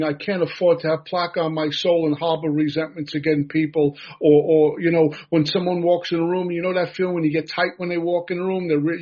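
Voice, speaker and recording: Husky-voiced man sharing his recovery story. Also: on the high side, a little mellow. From United States. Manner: earnest storytelling with self-deprecating humor. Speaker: recovery meeting speaker. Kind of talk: personal recovery share. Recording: dull lo-fi recording.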